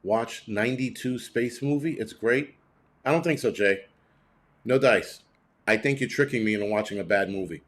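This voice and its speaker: A man hosting a prepping channel, chatting casually on a livestream and reacting to viewer comments, blunt and profane, rambling with many restarts and swinging between high and low pitch. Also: normal speed, pauses often. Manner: animated, jumping between high and low pitch when ranting.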